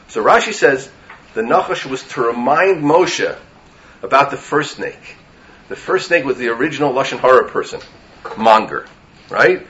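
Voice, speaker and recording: A man giving a Torah class in an animated way, reading Hebrew verses and explaining them with rhetorical questions. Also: on the high side. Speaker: Torah teacher. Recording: dull lo-fi recording.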